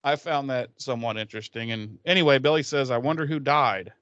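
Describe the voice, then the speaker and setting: A man's voice: mid-range voice, a little fast, a bit bright, dry recording, muffled recording. Guy hosting a podcast, swears a lot, tells the plot all rambly, dry close mic. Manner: rambling storytelling, swearing, laughing asides. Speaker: podcast host recapping an episode. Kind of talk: casual profane recap.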